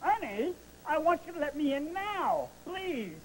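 A man's voice: extremely high pitch, big pitch swings, measured pace, slight background noise, full character voice, poor audio. A man voicing Bert, a fussy, easily exasperated male puppet roommate with a nasal, fretful voice in a children's TV puppet sketch. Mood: pleading. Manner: nasal, fretful, spirals into frantic yelling.

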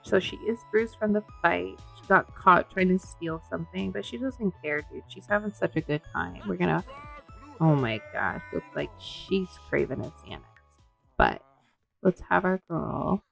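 A woman hosting a let's play, commenting in an excitable, giggly and crude way. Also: on the low side, normal speed, gravelly, soft background music. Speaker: gaming video host.

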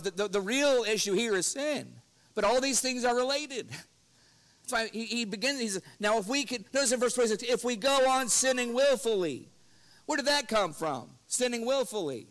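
A man with a high, light voice delivers an evening church lesson. He talks earnestly, pushing harder when he reads scripture aloud and chuckling through homely stories. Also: fairly bright tone. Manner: earnest, rises in pitch and force when quoting scripture; breaks into chuckles while telling stories. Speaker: preacher.

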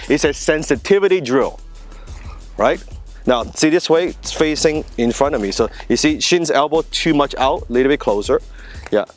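A man teaching a martial arts drill as he demonstrates it. He explains it step by step and keeps checking in with the viewer. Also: mid-range voice. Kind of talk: hands-on demonstration lesson.

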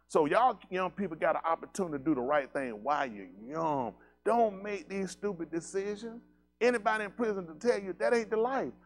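A pastor with a slightly high voice addresses his congregation bluntly and conversationally, with plenty of animation. He uses slangy speech, asks the people questions and laughs often.

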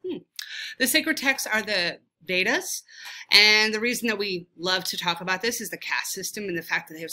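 A woman's voice: lowish voice, sharp tone. A woman teacher with a Southern US accent, giving a casual, chatty review lecture and often poking fun at her own pronunciation. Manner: casual, self-deprecating, chatty with fillers.

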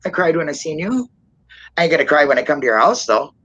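A woman hosting a casual livestream chat, rambling and calling herself a loudmouth. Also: sits low, big pitch swings, fast talker, slightly rough, muffled recording. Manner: rambling, self-described loudmouth, laughs often. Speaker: stream host.

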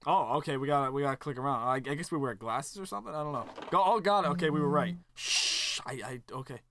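Bright, goofy man doing gameplay commentary. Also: medium pitch, slight background noise. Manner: goofy, jokey, quick swings from loud to mumbled. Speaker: let's play commentator. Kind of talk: joking gameplay commentary, reading game text aloud.

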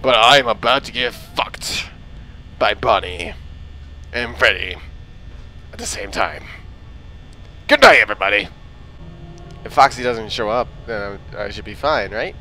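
A man's voice: lowish voice, unhurried, pauses often, sharp tone, slight background noise, poor audio. A man hosting a gaming video, joking and rambling crudely as he plays. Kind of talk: let's play commentary.

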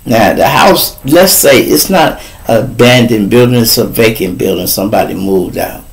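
A man's voice: lowish voice, moderate pace, low-quality recording. A man with a Chicago accent, hosting a live talk show and telling crude stories, laid-back and speaking straight to his listeners. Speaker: show host.

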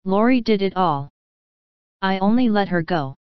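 A woman's voice: mid-range voice, animated, normal speed, clear, resonant tone, no echo, dull audio, lightly acted. A woman voicing a remorseful, hot-tempered teenage girl who pleads through tears in a storybook reading. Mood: despairing. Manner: pleading, tearful.

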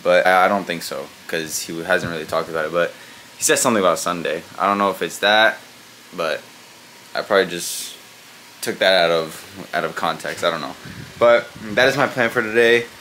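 A young man vlogs about his day in a loose, rambling way, full of little fillers. His voice sits fairly low but has a bright, forward edge. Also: moderate pace, slight background noise. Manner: rambling, many fillers like "like" and "you know". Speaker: family vlogger. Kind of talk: casual vlog talk to camera.

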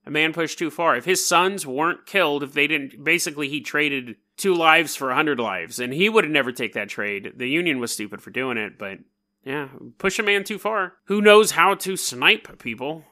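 A man hosting a casual storytelling podcast, talking in an animated, jokey and digressive way. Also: fairly high pitch, moderate pace. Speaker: podcast host.

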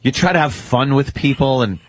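A man's voice: mid-range voice, expressive, fairly quick, dry recording. A man, a radio host, telling profane, rueful stories about past jobs in a casual chat.

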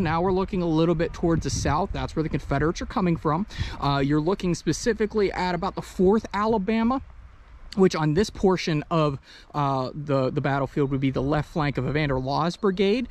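A man explaining history in a measured, matter-of-fact way during an outdoor walking tour on a hillside, recorded on a body-worn action camera. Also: a little high. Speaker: battlefield tour guide.

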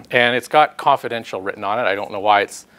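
A man giving a public talk with slides, presenting his research in a halting way with many fillers and restarts. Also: lowish voice, pushed and bright.

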